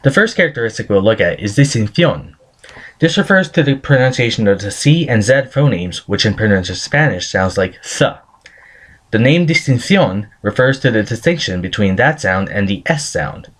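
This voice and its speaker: A man's voice: fairly low pitch, lively intonation, moderate pace, a bit bright. A man reading a scripted screencast presentation, carefully sounding out pronunciation examples. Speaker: student presenter.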